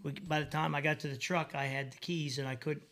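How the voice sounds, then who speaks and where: A man's voice: fairly high pitch, flat delivery, a little fast, a bit bright. A man telling a story in a plainspoken, casual way, laughing at his own mishaps.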